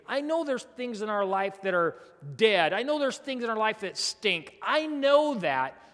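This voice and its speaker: A man's voice: very high voice, expressive, a little slow, hardly any pauses, a bit bright, long reverb tail. A male pastor, preaching a folksy, emphatic sermon with lots of repetition.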